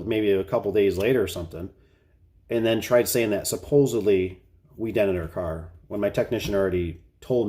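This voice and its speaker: A man's voice: low voice, dark tone. A middle-aged man who runs a garage door business, chatting casually to camera about a frustrating job in a rambling, exasperated way.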